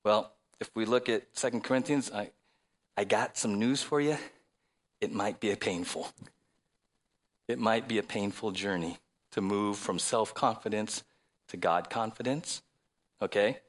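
A man's voice: on the low side, measured pace, long pauses. A man preaching a sermon, asking rhetorical questions and reading scripture aloud. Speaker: pastor.

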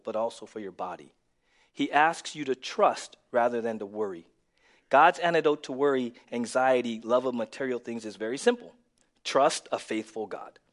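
A male pastor preaching a sermon, dropping to a near whisper and then rising to loud, emphatic lines. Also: medium pitch. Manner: swings from hushed to loud and emphatic.

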